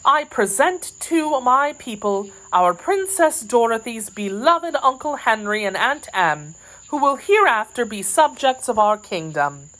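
A woman's voice: fairly high pitch, big pitch swings, unhurried, a bit bright, pitched above the performer's own voice, poor audio. A woman voicing a gracious, composed young fairy ruler.

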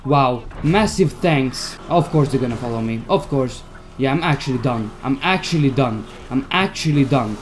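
A man's voice: mid-range voice, lively intonation, moderate pace, a little hiss or hum. A young man giving gameplay commentary as a YouTuber, stressed and swearing as he talks to himself. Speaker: gaming YouTuber. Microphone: desk mic at a PC.

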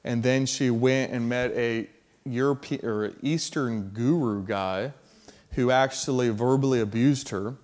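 A man's voice: medium pitch, unhurried. Casual storytelling male preacher. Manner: casual, slangy storytelling that builds to loud emphasis. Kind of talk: sermon storytelling.

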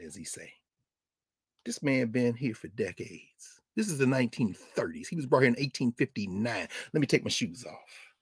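A man's voice: mid-range voice, big pitch swings, normal speed, husky, no room sound, studio quality. A male professor reading a children's book aloud and breaking off into emphatic, preacherly commentary that repeats phrases for effect. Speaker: professor guest on a talk show.

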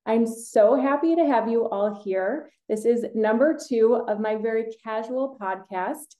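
A woman's voice: fairly high pitch, unhurried, mellow. A middle-aged woman hosting a casual podcast, chatty and enthusiastic, rambling a little as she talks. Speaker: podcast host, kinesiologist.

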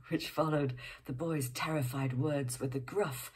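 A woman's voice: low-pitched, fairly even intonation, takes it slowly, husky. A woman reading a book aloud page by page, breaking off for chatty asides and sometimes dropping to a whisper. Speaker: reader.

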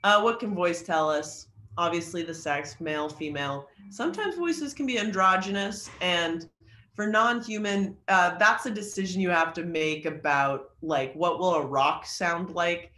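A man's voice: high-pitched, expressive, a little slow, sharp tone, echoey room. A man teaching an online creative writing class, chatty and joking, with lots of fillers. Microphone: video call.

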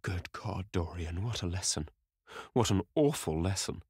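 A man's voice: a little slow, a little mellow, husky, dry recording, clean studio sound, full character voice. A man voicing an anguished middle-aged male painter who cries out in horror and pleads. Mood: pleading. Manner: shrill, horrified exclamations.

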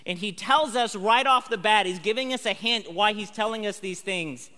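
A high-voiced man preaches a school chapel sermon in a casual, energetic way, leaning hard on the words he wants to stress. His voice is bright and forceful. Long reverb from a large chapel hall trails each phrase. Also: normal speed. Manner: energetic and conversational, lively emphasis. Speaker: chapel speaker.

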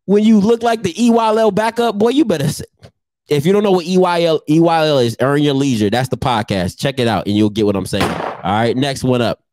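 A man's voice: a little high, fairly quick, a little mellow. A man vlogging casual comedic roasts of his commenters, teasing and laughing often.

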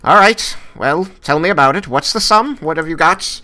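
A man's voice: fairly high pitch, lively intonation, moderate pace, sharp tone, pitched above the performer's own voice. A man voicing a fussy, irritable male gnome money-changer who squawks in flustered outbursts. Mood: brusque.

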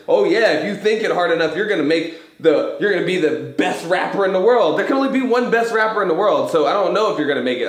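A man hosting a casual motivational talk, emphatic and full of slang and swearing. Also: on the high side. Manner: profane, emphatic, street slang. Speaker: host. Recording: echoey room.

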